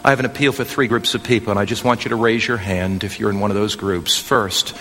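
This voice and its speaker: A man preaching an evangelistic sermon, swinging from impassioned near-shouts to a hushed, gentle altar call. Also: lowish voice, steady tone, quick pace, in a large hall, soft background music.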